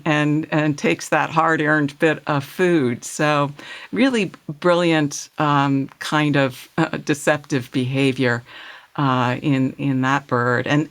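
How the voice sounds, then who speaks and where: Thoughtful woman author in an interview. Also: sits low. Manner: thoughtful, with frequent fillers and restarts. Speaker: guest author. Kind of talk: conversational interview.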